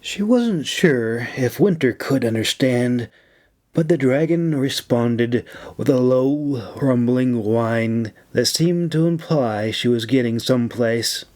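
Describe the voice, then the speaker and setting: A man reading a fantasy audiobook chapter in a measured, unhurried narration. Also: mid-range voice, darkish tone.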